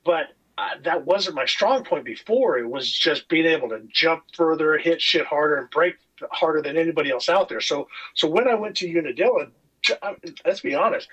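A man from California, a former motocross racer, telling racing stories in a casual podcast chat, animated and swearing freely. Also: fairly high pitch, moderate pace, husky, poor audio. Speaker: guest, retired motocross racer.

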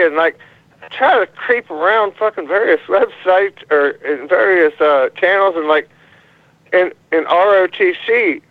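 A man calls in over a tinny, phone-like line that sounds very dry. His voice sits high for a man, and he rambles along with constant fillers and swearing. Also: no echo. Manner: rambling, profane, halting with many fillers. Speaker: caller. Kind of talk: call-in rant. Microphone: phone call.

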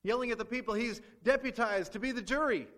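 A man's voice: very high voice, fast, a bit bright. A man preaching a sermon as pastor, asking the congregation rhetorical questions and acting out quoted speech.

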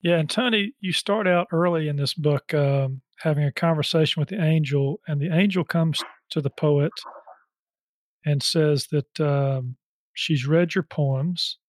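A male interviewer with a slightly high voice stumbles through his questions, filling the gaps with fillers and restarts. The recording is dry and close, with no room sound. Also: no room sound. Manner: halting, with filler words and restarts. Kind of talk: radio interview.

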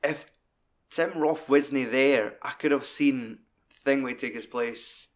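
A man co-hosting a laid-back film chat. He talks in loose, rambling stretches and swears freely. His voice sits at an ordinary, mid-range pitch. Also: slow pace. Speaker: podcast co-host. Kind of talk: casual film discussion chat.

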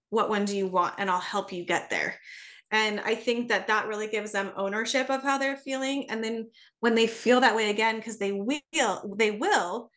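A middle-aged woman, a parenting coach, chatting on a podcast and telling stories with lively acted-out dialogue. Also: mid-range voice. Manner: animated storyteller, acts out dialogue. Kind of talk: casual podcast conversation.

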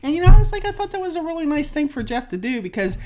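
A woman's voice: high-pitched, very fast. A woman co-hosting a podcast, chatting casually and acting out her reactions as she tells a story. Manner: animated storytelling, acts out reactions. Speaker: podcast co-host. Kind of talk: casual chat.

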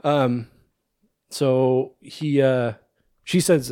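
A man's voice: fairly low pitch, measured pace, darkish tone, no room sound, clean studio sound. A man co-hosting a podcast, casually retelling a movie's plot with lots of ums and restarts. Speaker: podcast co-host.

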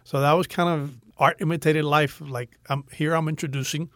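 A man with a Cuban American accent talks through his acting work in a relaxed interview, his voice sitting a little high. He is animated and often circles back over his own words. The sound is close and dry, with no room around it. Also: moderate pace, dry recording. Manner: animated storyteller, restarts and repeats words. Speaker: actor, interview guest. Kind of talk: casual interview chat.

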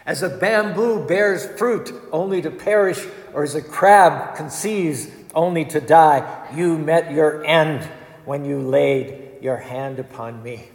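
A man giving an emphatic storytelling sermon with dramatic retelling. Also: on the high side. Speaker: spiritual speaker. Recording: echoey hall with long reverb.

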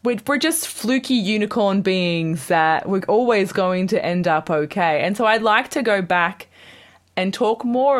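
A woman hosting a podcast interview, asking long, earnest, emotional questions. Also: mid-range voice. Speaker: podcast host. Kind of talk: conversational interview.

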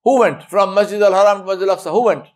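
Male preacher, lively emphatic delivery with acted-out asides. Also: sits high, rapid-fire. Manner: animated, emphatic, acts out quoted speech. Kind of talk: religious talk.

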